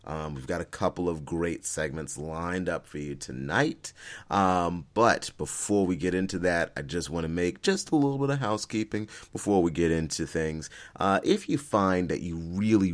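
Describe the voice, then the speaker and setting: Podcast co-host, man, very low voice, lively storyteller who laughs a lot. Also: moderate pace. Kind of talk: casual chat.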